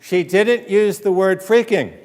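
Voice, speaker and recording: A man giving an animated storytelling lecture as an author, joking with and quizzing his audience in a college hall. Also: sits high, a little slow. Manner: animated, acts out quoted dialogue, jokes with audience. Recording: long hall reverb.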